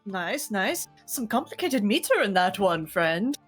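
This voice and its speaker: A woman at a game table who makes slow, dry, encouraging remarks. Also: medium pitch, big pitch swings, fairly bright tone, husky, soft background music. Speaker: player. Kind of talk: tabletop role-play.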